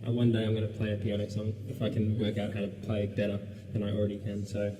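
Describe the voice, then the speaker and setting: A man's voice: on the low side, fast. Rambling Australian man, roomy and distant. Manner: relaxed, rambling, lots of fillers. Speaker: musician guest. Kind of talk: casual radio interview. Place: radio studio. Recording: roomy, distant mic, background noise.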